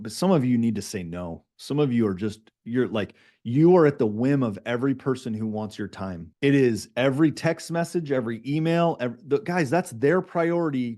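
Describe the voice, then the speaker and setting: Man, business coach, group coaching talk, emphatic, repeats himself, warm mellow tone. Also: medium pitch, moderate pace, hardly any pauses. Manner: emphatic, animated, repeats key points.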